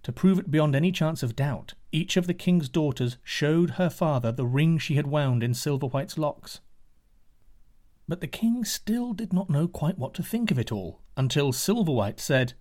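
A man narrating a fairy tale in a measured, expressive reading. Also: a little high. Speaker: storyteller.

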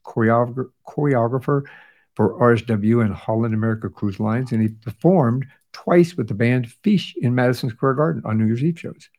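A male podcast host talking in an easy, conversational way, full of little fillers and restarts. He sounds a bit tired and keeps a middle-range pitch. It is a relaxed chat with a co-host. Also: moderate pace, dull audio. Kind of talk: casual chat recapping episodes.

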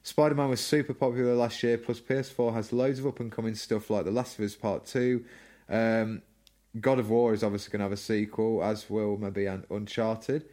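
A man's voice: lowish voice, level tone, moderate pace, dark tone. A man co-hosting a casual games podcast, easygoing and agreeable. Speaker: podcast co-host.

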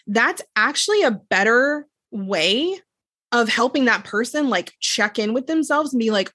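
A woman who coaches emotional regulation, talking through ideas earnestly in a casual podcast chat and slowing down to stress key points. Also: fairly high pitch, animated, sharp tone, no room sound.

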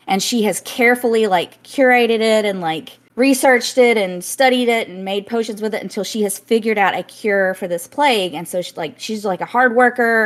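Woman, podcast co-host, giggly, rambling, self-conscious, casual chat. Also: a little high. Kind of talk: casual book review chat.

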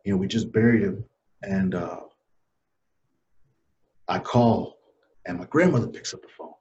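An earnest man in his forties, appearing as an interview guest, stumbles through a personal story. Choked up with emotion, he lets his voice go low and soft, and the recording quality is dull lo-fi.

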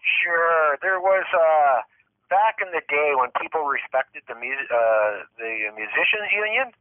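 A man's voice: fairly high pitch, measured pace, no echo. Man telling stories over a phone line. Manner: rambling, animated storytelling with repeated words. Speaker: guest musician. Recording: tinny phone line, dry.

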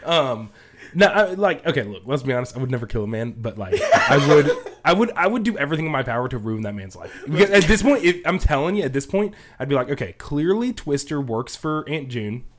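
A man's voice: medium pitch, quick pace, a little hiss or hum. A young man in casual chat, rambling and acting out quotes as he tells a story. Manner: rambling, animated, acts out quotes. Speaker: co-host.

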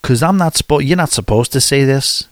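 A man's voice: medium pitch, brisk, no echo. Man, casual travel storyteller, rambling and candid, dry close sound. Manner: rambling, candid, talks straight to the viewer.

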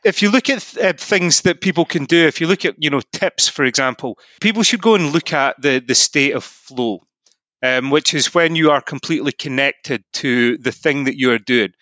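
A man's voice: on the high side, normal speed, pushed and bright, no room sound. A Scottish man talking as a podcast guest, explaining ideas in an earnest way, often saying "you know". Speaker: podcast guest, mindset coach. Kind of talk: casual podcast conversation.

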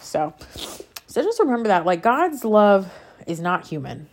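A woman's voice: medium pitch, very animated, a little slow. A woman speaking casually and with passion about her faith, rambling and interrupting herself as she gets worked up. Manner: impassioned, rambling, self-interrupting. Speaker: faith vlogger. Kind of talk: casual spiritual monologue.

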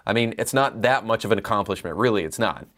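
A man's voice: on the low side, quick pace, fairly bright tone. A man hosting a commentary show, delivering opinions in an emphatic, argumentative way. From United States. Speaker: commentary podcast host.

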